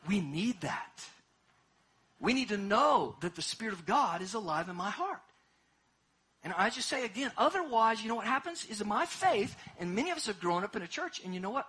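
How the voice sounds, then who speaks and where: A man preaching a sermon as pastor, impassioned, swinging between hushed asides and loud exhortation. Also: high voice, sing-song, a little fast, slightly rough.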